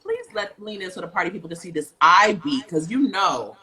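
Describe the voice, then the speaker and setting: A woman's voice: fairly low pitch, big pitch swings, fairly quick, bright, forceful tone. A woman hosting a livestream show, hyped and playful as she greets viewers and reads out their comments over a video call. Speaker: host.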